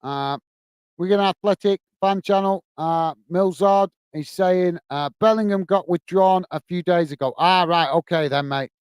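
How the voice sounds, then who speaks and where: A man's voice: high voice, measured pace, clean tone, dry recording. A British man hosting a live football watch-along, calling the play and chatting to viewers in the comments. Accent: British English. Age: adult, working age. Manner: chatty, reads out viewer comments, calls everyone mate. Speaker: host of a match watch-along. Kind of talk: casual live commentary and chat. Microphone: earpiece and close mic.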